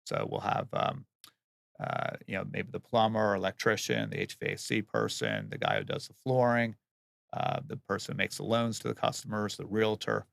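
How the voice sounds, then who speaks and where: A man's voice: lowish voice, expressive, normal speed, vocal fry, fairly bright tone, no room sound, studio quality. A man who builds and remodels homes, answering interview questions in a plain, earnest way and often restarting his words.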